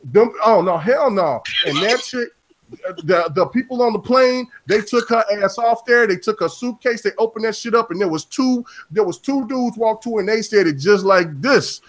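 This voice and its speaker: A man from Oklahoma hosting a gaming podcast, telling stories in a rambling, animated way with plenty of swearing. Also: sits high, moderate pace. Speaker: podcast host. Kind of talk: casual chat.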